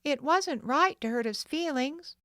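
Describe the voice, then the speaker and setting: A woman voicing a gentle, kind older sister in an audiobook, speaking quietly and softly. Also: high voice, lively intonation, unhurried, dry recording, clean studio sound, pitched above the performer's own voice. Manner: quiet, soft. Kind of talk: audiobook character voice.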